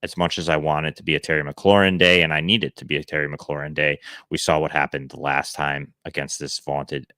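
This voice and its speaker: A man hosting a live fantasy football advice show from home, answering viewers in a relaxed, chatty way. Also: extremely low pitch, dry recording, clean studio sound. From Buffalo area. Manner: relaxed, chatty, quick verdicts with fillers. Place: home room he calls Santa's workshop.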